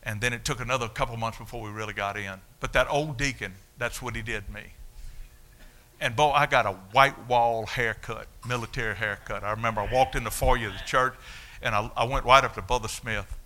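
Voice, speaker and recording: An older man preaching his testimony in a folksy, animated storytelling way. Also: mid-range voice, a little fast, slight background noise. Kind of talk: sermon testimony.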